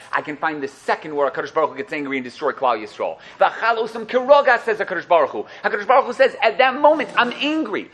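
A man teaching a Torah class to listeners, storytelling and joking as he goes and acting out the voices in his stories. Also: fairly high pitch. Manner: lively storytelling, acts out voices, jokes with listeners.

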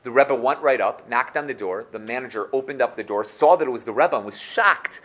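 A man teaching a religious class, telling a story in a conversational, animated way and often checking in with the listeners. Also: medium pitch, a little fast, highs cut off.

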